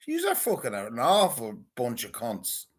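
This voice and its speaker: A man's voice: mid-range voice, huge pitch swings, a little slow, slightly rough. A man in a casual, rambling monologue, talking crudely and swearing often. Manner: crude, profane, rambling banter. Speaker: vlogger.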